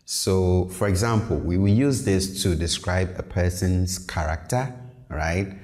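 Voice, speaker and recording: Brief: male language tutor, deep voice, patient and repetitive, reverberant room. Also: steady tone, a little slow, a little mellow. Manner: patient, repeats words, checks in with "okay" and "all right". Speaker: language teacher. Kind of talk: online language lesson.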